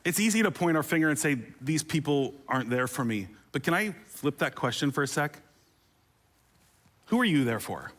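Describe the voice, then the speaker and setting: A man's voice: fairly high pitch, very animated, moderate pace, a bit bright. A man preaching a sermon as pastor, conversational and humorous, with playful asides and rising intensity on emotional appeals.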